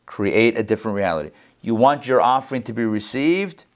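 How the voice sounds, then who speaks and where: A man's voice: on the low side, animated, brisk. A middle-aged man giving a conversational Torah lesson. He jokes often, repeats words as he goes, and adds chatty asides. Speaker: rabbi teaching Torah class.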